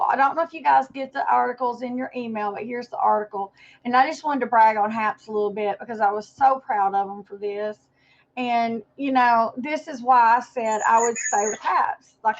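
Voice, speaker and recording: A woman's voice: high voice, creaky. A woman chatting on a livestream, rambling and apologetic as she talks to viewers by name. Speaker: livestream host. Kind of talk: casual livestream chat. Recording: dull lo-fi livestream audio.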